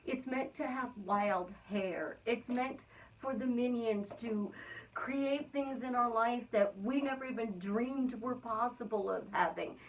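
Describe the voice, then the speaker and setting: A woman's voice: a little high, a little slow, recorded from a distance, lo-fi sound, a little hiss or hum. A woman talking as a manifestation coach in a casual vlog, playful and upbeat.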